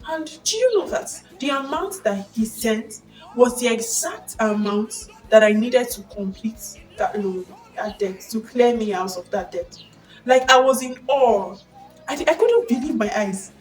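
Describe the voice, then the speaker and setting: A young woman in her twenties with a Nigerian accent, telling a personal faith testimony in a casual, expressive storytelling way with excited exclamations. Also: fairly high pitch, normal speed, far from the mic, rough recording. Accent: Nigerian English. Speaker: vlogger sharing a faith testimony. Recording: mic set back with faint background music.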